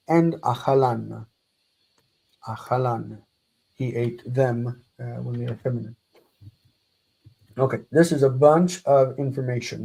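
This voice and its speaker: A man leads a live grammar class, talking at a slow, unhurried pace. He explains patiently and repeats each example form. His voice sits in an ordinary middle pitch. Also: creaky, darkish tone, poor audio. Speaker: Hebrew teacher.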